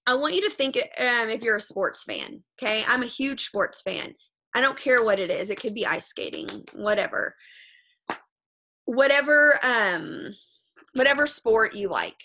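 A woman with a bright, slightly high voice gives a motivational pep talk over a video call. She talks emphatically and repeats her points, checking in with her listeners with a frequent "okay?". She speaks bluntly and swears now and then. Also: lively intonation, moderate pace, low-quality recording. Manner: frank, with mild swearing. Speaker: motivational speaker addressing a group.

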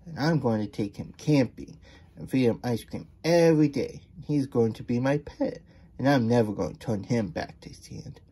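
A man's voice: medium pitch, moderate pace, dark tone, breathy edge, close to an everyday voice. A man voicing a cheerful young girl with a sand dog in a storybook reading.

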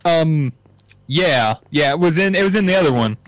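Chatting through a game session as a co-player, this relaxed man drops frequent ums and laughs. He speaks a little high at a moderate pace with lively intonation and no room sound, his slightly dull lo-fi mic colouring the audio.

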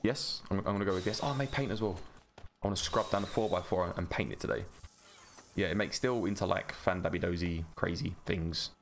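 London guy streaming a game, deep rough voice, chatting away to viewers, faint hiss behind. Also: fairly quick. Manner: chatty, reads chat aloud and greets viewers by name. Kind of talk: casual live-stream chat while playing. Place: home gaming room.

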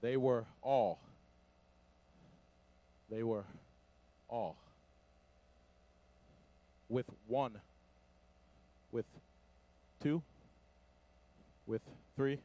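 A man preaching a Pentecostal sermon, shouting in call-and-response and dropping to quiet asides. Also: mid-range voice, drawn-out words, pauses often, dull audio. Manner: breathless, drops to quiet asides. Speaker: pastor.

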